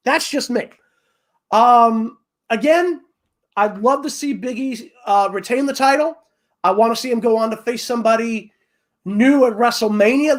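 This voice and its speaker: A man hosting a casual solo talk show, giving rambling, opinionated takes with frequent stammered restarts. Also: extremely high pitch. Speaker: podcast host. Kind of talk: casual wrestling commentary monologue.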